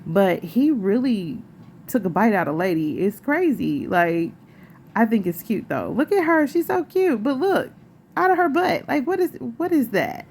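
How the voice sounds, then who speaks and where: A woman vlogging casually at home, chatting in a rambling, animated way with asides. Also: fairly high pitch, measured pace, slight background noise. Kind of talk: casual chat to camera.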